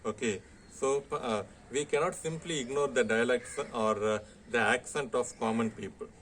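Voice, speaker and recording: Man, Indian English accent, college lecturer, halting delivery, lots of "uh" and "okay", mid-pitched, faint background hiss. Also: a bit bright. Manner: hesitant, heavy "uh" fillers and frequent "okay". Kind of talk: classroom lecture.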